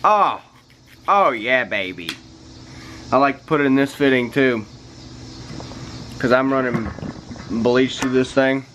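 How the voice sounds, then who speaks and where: Slow-talking, joking man. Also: mid-range voice, fairly bright tone, a little hiss or hum, poor audio. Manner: playful, joking, drawn out. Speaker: pressure washing business owner. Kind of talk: casual how-to vlog.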